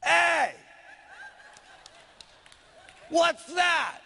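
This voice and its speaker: A man playing a grumpy shouting husband. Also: very high-pitched, very animated, measured pace, vocal fry, a faint crowd, slight background noise, heavily acted. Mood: scornful shouting. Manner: shouting, scornful, indignant. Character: big grumpy beer-drinking mechanic husband.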